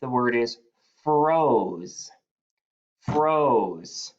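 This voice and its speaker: A male teacher giving a phonics spelling lesson, slowly stretching out the sounds of each word. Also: medium pitch, very animated, a bit bright, muffled recording.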